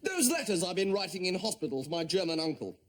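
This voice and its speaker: Jolly dim lieutenant, hearty, giggly. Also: male voice, high voice, sing-song, fast talker, heavy background noise. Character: dim, jolly young upper-class English lieutenant. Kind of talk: TV sitcom acting.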